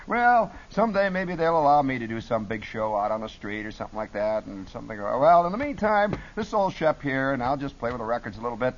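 A middle-aged man telling animated stories about his radio days as a talk show guest. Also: medium pitch, a little fast. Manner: lively, jumps between put-on radio voices. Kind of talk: animated storytelling. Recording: dull lo-fi broadcast audio.

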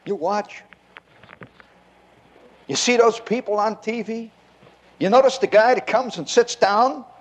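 A man's voice: high-pitched, unhurried, highs cut off. A man doing a stand-up comedy routine, telling stories with laughs and rhetorical questions to the crowd. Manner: animated storytelling, frequent laughter, rhetorical questions to the audience.

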